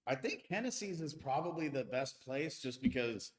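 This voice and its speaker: American male streamer, 30s, casual and chatty, mid pitch, echoey room. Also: big pitch swings, normal speed. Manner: chatty, reads viewer comments aloud, frequent restarts. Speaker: live-stream host. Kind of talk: casual live-stream chat. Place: home with tile floors.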